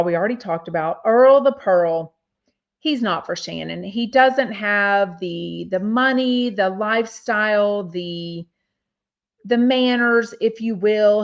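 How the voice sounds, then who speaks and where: Woman host, casual gossipy chat, filler-heavy, mid-pitched, lo-fi mic. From Texas. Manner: chatty, reads viewer comments aloud, many fillers. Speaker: podcast host. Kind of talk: casual chat reading live comments.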